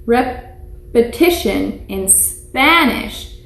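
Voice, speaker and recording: A woman teaching small children, speaking slowly and patiently with a fairly high voice. She repeats each word so the children can say it back. The sound is echoey, as if from a bare classroom. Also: animated, vocal fry, fairly bright tone. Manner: slow, patient, repeats words for children to echo. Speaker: preschool teacher. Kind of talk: online lesson for young children. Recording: echoey room.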